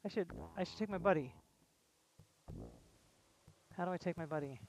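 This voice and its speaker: A woman's voice: on the low side, normal speed, a little mellow, a little hiss or hum. A woman streaming herself playing a video game, chatting casually to her viewers and talking to herself with frequent restarts. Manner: chatty, rambling self-talk with frequent restarts. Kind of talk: casual live-stream commentary.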